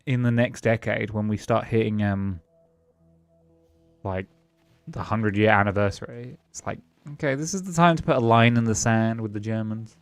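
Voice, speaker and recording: A man's voice: medium pitch, no echo. Rambling British man, dry close sound. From Britain. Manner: rambling, musing, chuckles between thoughts, restarts sentences. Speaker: streamer. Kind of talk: casual gaming-stream chat.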